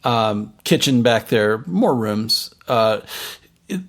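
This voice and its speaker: Rambling gravelly game master. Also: male voice, lowish voice, animated, slow pace. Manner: rambling, many fillers and restarts. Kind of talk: describing a tabletop game scene.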